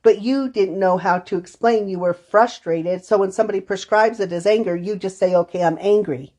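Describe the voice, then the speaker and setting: A woman's voice: medium pitch, a little fast, warm tone. A woman co-hosting a podcast conversation, a counselor who talks casually and acts out short quotes from her clients. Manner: conversational, tells anecdotes with acted-out quotes. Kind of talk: casual chat.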